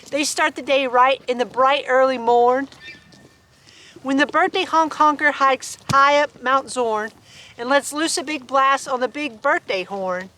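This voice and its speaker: A woman's voice: sits high, bright, forceful tone. A woman reading a rhyming picture book aloud to her farm animals outdoors, playful and laughing between verses. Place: outdoors on a farm with sheep and dogs.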